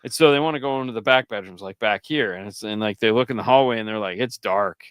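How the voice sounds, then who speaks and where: A man co-hosting a casual chat show, telling stories with lively quoted voices. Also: lowish voice, quick pace, clean tone, no echo, studio quality. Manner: animated storyteller, jumps into quoted voices. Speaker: podcast co-host.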